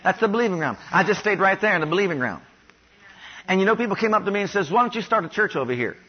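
A man from Ohio preaching a sermon, having the congregation repeat declarations after him and rising louder on each one. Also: high-pitched, expressive, fast, slightly rough. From Ohio, USA. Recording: dull lo-fi sound.

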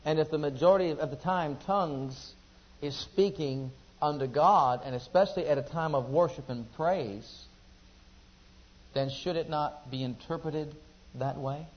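A man preaching a sermon who asks the congregation questions and swings between loud emphasis and quiet asides. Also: a little high, measured pace, highs cut off.

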